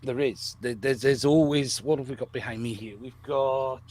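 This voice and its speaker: A man guesting on a podcast, talking in a rambling, self-deprecating way, his voice rough from a cold, over a video call. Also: medium pitch, normal speed, darkish tone. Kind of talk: casual podcast chat.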